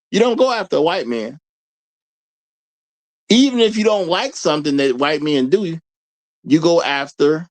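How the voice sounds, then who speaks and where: Male live-stream host, casual and rhetorical, laughs a lot, animated intonation. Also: a little high. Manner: laughs often, repeats lines for emphasis; rhetorical, questions the audience. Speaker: show host.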